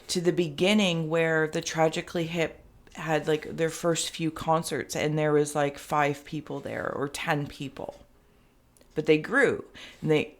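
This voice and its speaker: A woman giving a spoken tarot and spirit reading to camera, rambling and thinking aloud with many fillers and restarts. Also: low-pitched. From Canada. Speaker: tarot reader and psychic.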